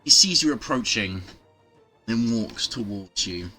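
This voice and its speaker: A man's voice: fairly low pitch, expressive, measured pace, over music. A man narrating a tabletop game as game master in loose, rambling speech.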